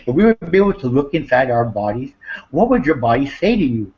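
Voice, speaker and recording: A man's voice: medium pitch, big pitch swings, brisk, darkish tone. A man, chatting casually, rambling and swearing, repeating himself as he talks. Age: 50s. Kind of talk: casual chat. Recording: dull lo-fi recording.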